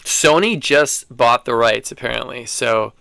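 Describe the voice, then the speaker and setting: A man's voice: medium pitch, unhurried, creaky, no echo, studio quality. A man co-hosting a podcast, chatting loosely, telling anecdotes and swearing freely. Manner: animated anecdotal storytelling. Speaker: podcast co-host. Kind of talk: casual chat.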